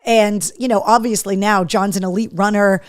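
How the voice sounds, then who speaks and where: A woman's voice: mid-range voice, steady tone, normal speed, dry recording, clean studio sound. A woman hosting a live show in casual chat, talking easily and reading viewer comments aloud. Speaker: host.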